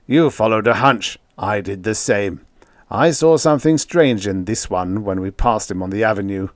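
A man voicing a huge, shelled male alien who speaks in a slow, formal, mournful way. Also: fairly low pitch, no echo, clean studio sound, natural voice. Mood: panting, stern.

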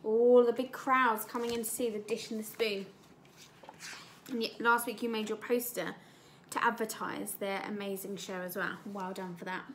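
A woman teacher with an English accent reads a storybook aloud to young children, pausing to explain words and ask them questions. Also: medium pitch, flat delivery, slight background noise. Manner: slow, gentle and explanatory, asking the children questions. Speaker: primary school teacher.

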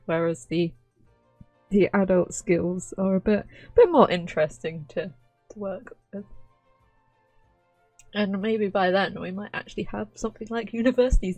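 Slow-talking woman narrating her game. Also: mid-range voice, a little mellow, no echo, low-quality recording. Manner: chatty, laughs often, talks to her game characters. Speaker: gaming channel host. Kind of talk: casual let's-play commentary.

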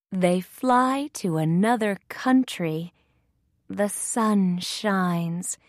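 A woman reads a children's story aloud in short, simple sentences. She speaks very slowly and clearly so young listeners can follow. The recording is dry and close. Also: mid-range voice, no echo.

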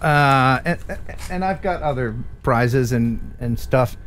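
A man's voice: medium pitch, takes it slowly, fairly bright tone, a little hiss or hum. A man hosting a live stream, chatting and joking with a guest and reading viewer messages. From USA. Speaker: host.

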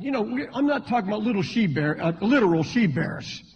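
A man preaching a sermon to a church congregation, his voice leaping up in pitch and volume when he acts out pleading believers. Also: sing-song, brisk, few pauses, darkish tone, a little hiss or hum. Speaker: pastor. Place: church sanctuary. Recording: dull lo-fi sermon recording in a large reverberant hall.

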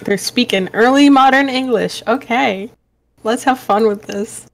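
A chatty, playful woman player in a tabletop role-playing game, her voice sitting a little on the higher side. She talks in easy, casual stretches. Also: a little slow.

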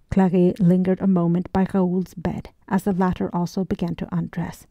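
A woman reading a historical novel aloud as an audiobook narrator, in a measured, even manner. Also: lowish voice, no room sound, dull audio. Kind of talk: scripted narration.

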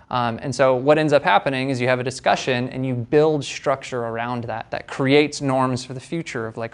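Here a young man with a mid-range voice lectures at a normal speed with few pauses. His university talk is casual and conversational, full of hedges and frequent tag questions.

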